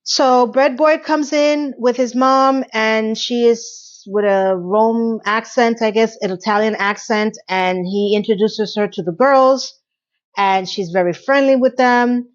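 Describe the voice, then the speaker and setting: A woman giving a casual, opinionated TV recap, chatty and rambling with quick asides, now and then acting out lines from the show. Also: fairly high pitch, fairly even intonation, highs cut off. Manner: acts out characters' lines in quick quotes. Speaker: TV recap reviewer.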